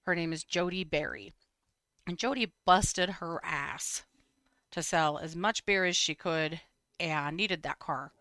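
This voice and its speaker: Female co-host, bright, dry sound, wry storyteller, casual chat. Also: fairly low pitch, a little slow, dry recording. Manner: storytelling, wry, frequent "mm-hmm". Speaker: podcast co-host. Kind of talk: casual true crime chat.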